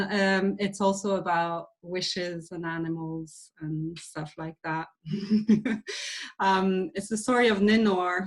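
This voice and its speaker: A woman telling a folk tale over a video call, in a relaxed, measured way with small laughs. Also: mid-range voice. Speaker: storyteller. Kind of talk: oral folk storytelling.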